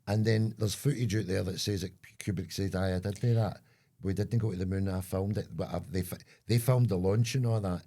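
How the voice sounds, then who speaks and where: A deep, gravelly older Scottish man chats on a podcast. His voice is dark and a bit husky, and he rambles from one story to the next, putting on voices for the people in them. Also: fairly even intonation, brisk. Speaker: co-host. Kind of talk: casual chat.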